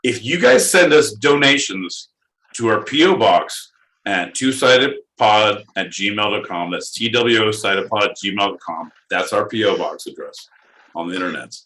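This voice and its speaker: A man's voice: lowish voice, expressive, unhurried, fairly bright tone. A man co-hosting a podcast, teasing and scolding his partner in casual comedic banter, swearing and trying silly accents. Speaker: podcast co-host. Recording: echoey room with faint noise.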